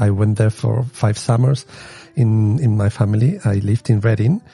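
A man chatting casually in English as a learner, speaking haltingly with many repeats and laughs. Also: fairly low pitch, gravelly, dark tone, breathy edge, faint music behind. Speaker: language learner in conversation. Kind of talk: casual chat.

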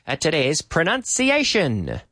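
A man's voice: on the high side, huge pitch swings, a little slow, over loud music. A man teaching English to Spanish speakers, drilling short questions and answers over and over and explaining how native speakers link words. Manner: drills example phrases, repeating questions and answers.

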